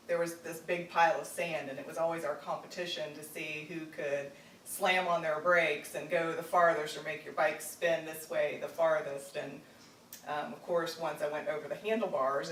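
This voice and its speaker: A woman from Virginia telling a personal family story, halting with many fillers and restarts. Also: low-pitched. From Virginia, United States. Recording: roomy echo, distant mic, faint noise.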